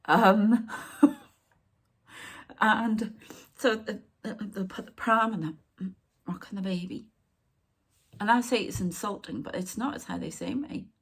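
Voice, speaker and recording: A middle-aged woman, a psychic medium rambling through a spiritual channelling monologue that drifts into hushed whispered asides. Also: mid-range voice, slow pace, pauses often, slightly rough.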